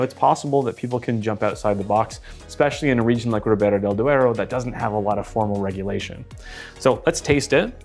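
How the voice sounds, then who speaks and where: Male wine host, mid-pitched, casual and chatty, lots of ums; light music bed. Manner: relaxed, thinking aloud with many fillers. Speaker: wine taster for a wine seller. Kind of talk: casual product tasting talk.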